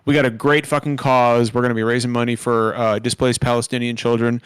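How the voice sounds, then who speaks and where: A man's voice: mid-range voice, fairly quick, clean tone, no room sound. A man hosting a casual live-streamed podcast, chatting animatedly and swearing freely. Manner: swearing, animated, sign-off patter. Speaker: podcast host.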